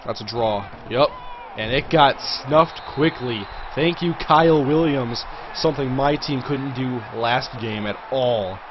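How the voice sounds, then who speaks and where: A man hosting a livestream, talking casually through a game and reacting loudly whenever a big play lands. His voice sits at an ordinary middle pitch. The audio is a bit dull and lo-fi, with a faint hiss underneath. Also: a little slow. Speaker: livestream host. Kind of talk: live gameplay commentary.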